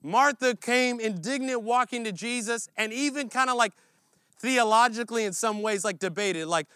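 A man's voice: extremely high pitch, normal speed, pushed and bright, clean tone, no echo, clean studio sound. A man preaching a sermon in a conversational, earnest way, often restarting his phrases. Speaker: pastor.

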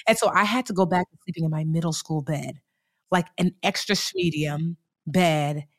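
A woman in her forties telling her own story as an interview guest, in a chatty, animated way with many fillers. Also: sits low, normal speed. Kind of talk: casual storytelling.

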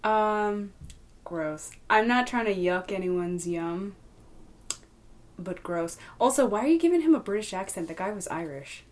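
A woman co-hosts a casual podcast, dropping in giggly, teasing remarks. She speaks slowly and without hurry, at a middle pitch. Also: expressive, darkish tone. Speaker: podcast co-host.

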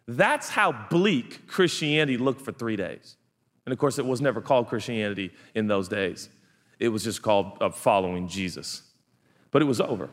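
A man delivers a sermon as a lively story. He slips into the people he describes and throws in playful side comments. His mid-pitched voice carries a long reverb, as if it fills a large hall. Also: unhurried. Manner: animated storytelling with playful asides. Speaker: pastor.

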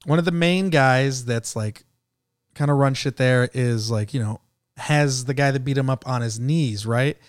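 A man's voice: mid-range voice, unhurried, dry recording, studio quality. A man from San Jose, California, telling a comic story in casual chat, acting out the people he quotes and laughing often. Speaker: comedian guest.

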